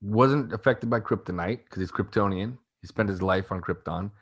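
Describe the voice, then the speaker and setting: A man's voice: fairly low pitch, normal speed, breathy edge. A man chatting on a casual podcast, easygoing and explaining his points at length. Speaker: podcast guest. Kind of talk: casual chat.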